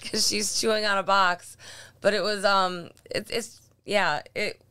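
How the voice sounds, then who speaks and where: A woman's voice: mid-range voice, fairly even intonation, unhurried, sharp tone, clear, resonant tone, no room sound. A woman co-hosting a casual podcast, teasing her partner in dry banter. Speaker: podcast co-host. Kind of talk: casual chat.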